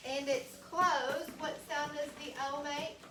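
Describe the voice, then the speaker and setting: A woman teacher leading a classroom phonics lesson, slowly sounding out words for young students. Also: high-pitched, fairly even intonation. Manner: slow, deliberate sounding out of words. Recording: roomy classroom audio from a distance with noise.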